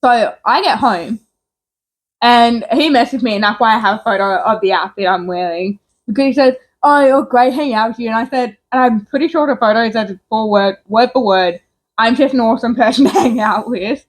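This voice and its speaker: A woman's voice: on the high side, fairly quick. A young woman co-hosting and telling a story in a casual chat, laughing often. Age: young adult. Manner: laughs often, animated and chatty. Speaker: co-host.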